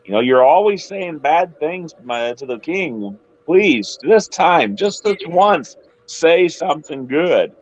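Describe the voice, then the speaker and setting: A man's voice: on the high side, very animated, slow, dull audio. A man hosting a casual Bible discussion who retells the stories, putting on voices for the quotes. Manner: retells scripture with playful acted quotes. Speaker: Bible study host.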